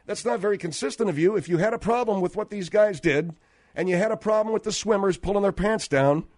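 A man's voice: high-pitched, fast talker, darkish tone, no room sound, clean studio sound. A middle-aged man hosting a comedic radio talk show, needling and scolding his callers.

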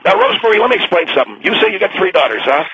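A man's voice: sits high, big pitch swings, very fast, sharp tone, lo-fi sound, heavily acted. A man voicing a smug, arrogant rich businessman lounging in a bathtub, dismissive and petulant, over a noisy radio broadcast. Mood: condescending. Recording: radio broadcast with background noise.

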